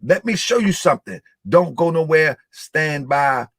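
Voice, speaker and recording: A man's voice: a little high, animated, a little slow, a bit bright, dry recording, studio quality. A man hosting a live stream, talking casually and loosely to his audience, repeating himself as he works his screen. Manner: loose, repetitive, talks the audience through the screen. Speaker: host.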